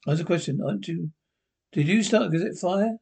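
A man's voice: sits high, a little fast, creaky, a little mellow, slightly rough, heavily acted. A man playing a worried newspaper editor in a TV drama, questioning bluntly and suspiciously. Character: worried male small-town newspaper editor. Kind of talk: TV drama acting.

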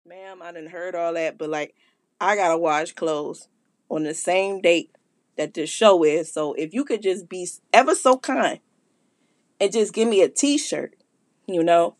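A woman voicing a laid-back young woman calling in to a radio show, talking in a slow slangy drawl and bargaining her way out of things. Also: on the low side, no room sound, studio quality, voice pushed down, close to an everyday voice. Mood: pleading.

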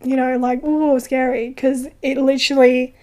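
A woman with a high voice chats casually about a horror film. Her talk is animated and profane, full of swearing and laughter. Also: moderate pace. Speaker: podcast co-host recapping a film. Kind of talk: casual chat.

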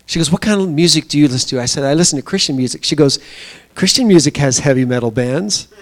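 A man giving a sermon at a small church, telling a story conversationally with pauses and fillers. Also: on the high side, expressive. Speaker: pastor.

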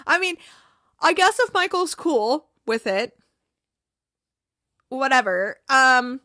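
A woman's voice: sits high, big pitch swings, slow, long pauses, bright, forceful tone, no echo, clean studio sound. Chatty young woman recapping episodes. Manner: chatty, acts out characters' lines, frequent fillers and laughs.

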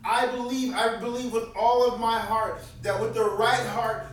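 A man with a notably high voice preaches a sermon, earnest and conversational, often repeating a key line to drive it home. The sound is very echoey, as if recorded from a distance in a large church room. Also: little pitch movement, a little slow, hardly any pauses, slight background noise. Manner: repeats key lines for emphasis. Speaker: pastor.

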